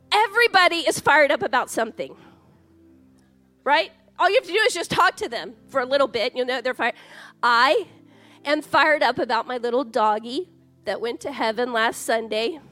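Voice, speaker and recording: A woman in her forties preaching a sermon in a church, lively, chatty and joking as she talks. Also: high voice. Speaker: pastor.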